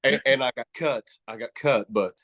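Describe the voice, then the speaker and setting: A man's voice: medium pitch, normal speed, creaky, fairly bright tone. A man from East Tennessee with a Southern accent, a guest chatting on a podcast, who laughs often and lets his words run together. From East Tennessee, USA. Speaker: guest, horror host. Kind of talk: casual podcast conversation.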